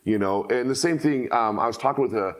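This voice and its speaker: A man hosting a podcast, talking bluntly and telling animated stories in casual conversation. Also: mid-range voice, brisk. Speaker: podcast host.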